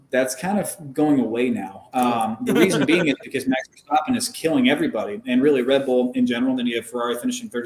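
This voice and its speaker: A man's voice: mid-range voice, a little mellow. Man in an echoey room explaining racing. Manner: measured, explanatory, frequent "um" fillers. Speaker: guest, former race car driver. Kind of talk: casual conversational interview. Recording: roomy echo.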